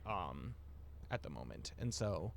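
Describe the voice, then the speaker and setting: A man as game master, narrating a tabletop game and explaining the rules in a halting, thinking-aloud way. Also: low voice, very animated, creaky.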